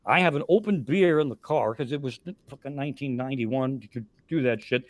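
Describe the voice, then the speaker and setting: A man in his sixties telling profane, animated comedy stories on a live podcast, with loud punchlines. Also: mid-range voice, brisk, no room sound. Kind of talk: casual storytelling on a live podcast.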